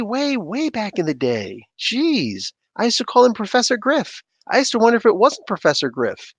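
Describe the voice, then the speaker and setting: A man hosts a casual comics livestream, talking freely and answering chat as he goes. His voice sits a bit high and swings widely in pitch, laughing often. The sound is dry and close, with no room echo. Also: normal speed, few pauses, highs cut off. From Canada. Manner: animated, laughs often, reads chat aloud. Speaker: livestream host.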